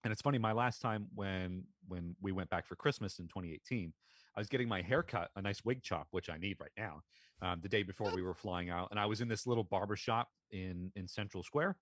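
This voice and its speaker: A man from Pennsylvania with an American accent, co-hosting a podcast in relaxed, rambling casual chat full of fillers. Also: low voice, fairly quick, no room sound. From Pennsylvania, USA. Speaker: podcast co-host.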